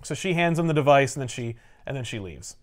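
A man's voice: mid-range voice, lively intonation, fast talker. A man casually recapping a comic on a podcast, storytelling animatedly and acting out the characters' lines. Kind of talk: casual chat.

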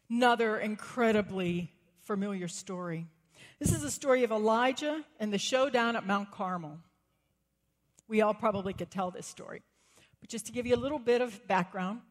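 Woman preaching in a reverberant church. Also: medium pitch. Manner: storytelling, acting out quotes with rising excitement. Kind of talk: sermon. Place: church sanctuary. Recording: long reverb of a church hall.

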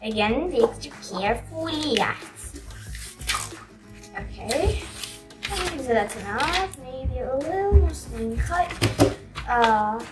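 High, slow-talking playful woman. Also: lively intonation, distant mic, poor audio. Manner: chatty, playful, jokey asides. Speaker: craft tutorial presenter. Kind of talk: casual craft demonstration. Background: background music.

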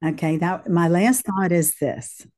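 A woman cohosting a casual faith chat, speaking slowly and deliberately with short laughs. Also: lowish voice, darkish tone. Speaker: cohost, hairdresser.

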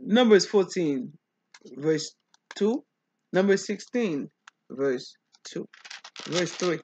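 A woman pastor reading a Bible chapter aloud and explaining it, talking back to the text in an animated preaching manner. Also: fairly low pitch, takes it slowly, husky.

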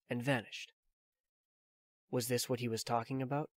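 Audiobook narrator, male, mid-pitched voice, steady plain delivery, dry close mic. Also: moderate pace, no echo. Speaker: audiobook reader. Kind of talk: reading a novel aloud.

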